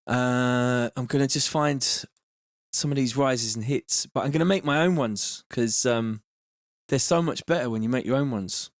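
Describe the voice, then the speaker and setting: A man with a London accent, from England, chats in a relaxed, slangy way on his music-making livestream, thanking viewers while he works. His voice sits in the mid range at a normal pace, and the recording is dry and clean, like a studio.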